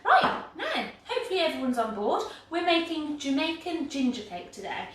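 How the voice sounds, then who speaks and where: A woman's voice: sits high, expressive, a little fast. A bubbly, chatty woman from England hosting a home baking livestream, cheerful and self-mocking. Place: home kitchen. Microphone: laptop mic from across the room. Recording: very echoey room, far from mic, faint background noise.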